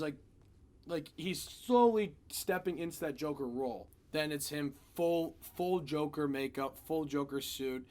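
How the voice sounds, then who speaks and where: Man casually retelling film scenes. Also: a little high. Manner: animated, profane retelling of scenes. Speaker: film reviewer. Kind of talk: casual spoiler review.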